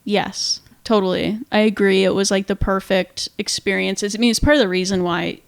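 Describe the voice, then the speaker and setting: Chatty young woman podcaster, gravelly edge. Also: mid-range voice, fairly even intonation, moderate pace, no room sound. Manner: chatty, many "like" fillers, laughs often. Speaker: podcast co-host. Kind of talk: casual chat.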